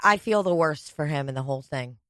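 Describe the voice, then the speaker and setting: A woman's voice: deep voice, fairly quick, a bit bright, no echo, studio quality. Crude, swearing woman on a podcast. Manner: crude, rambling, swears a lot. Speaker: podcast co-host. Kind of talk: casual podcast chat.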